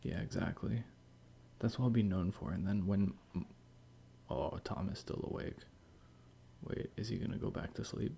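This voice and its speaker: A man chatting on a stream, talking softly and half whispering so as not to wake his babies. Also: on the low side, moderate pace, gravelly, a little hiss or hum. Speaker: co-developer and parent. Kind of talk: casual chat.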